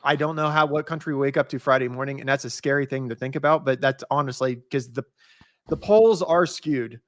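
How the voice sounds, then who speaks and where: A man's voice: mid-range voice, brisk, fairly bright tone. Opinionated podcast co-host man. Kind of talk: casual political podcast chat.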